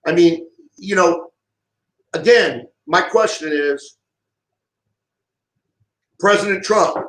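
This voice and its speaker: A man's voice: sits high, slow pace, fairly bright tone, roomy sound, poor audio. A middle-aged man delivering an impassioned monologue, heated and emphatic, often repeating himself. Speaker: vlogger giving a political rant.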